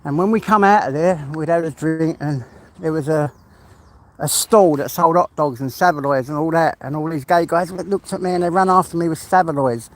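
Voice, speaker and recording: A man's voice: a little high, normal speed. A man chatting casually on a live stream while out walking, swearing freely and laughing often. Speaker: livestream host. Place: outdoors on a walk.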